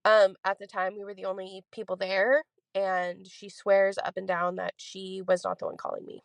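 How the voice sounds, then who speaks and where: A woman's voice: medium pitch, level tone, normal speed, no echo. Young woman rambling through a voice message. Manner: rambling, many fillers. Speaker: listener sharing a ghost story. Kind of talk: recorded voice message, casual storytelling.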